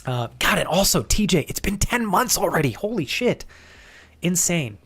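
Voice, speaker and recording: A young man chats casually with his live-stream viewers while gaming, thanking them by name and swearing freely. His voice sits a little high and shoots up when he gets excited. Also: moderate pace.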